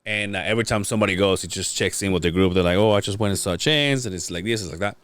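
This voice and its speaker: A man's voice: fairly low pitch, rapid-fire, fairly bright tone, smooth, no echo. A man hosting a casual podcast, telling a long story with many stops and restarts. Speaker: podcast host.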